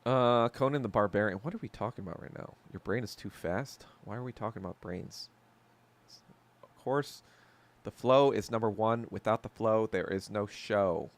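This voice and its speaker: Man, podcast host, gravelly voice, low pitch, blunt profane rant. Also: normal speed. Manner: profane ranting with many filler likes; blunt, jumpy topic changes. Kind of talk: solo livestream chat, answering viewers.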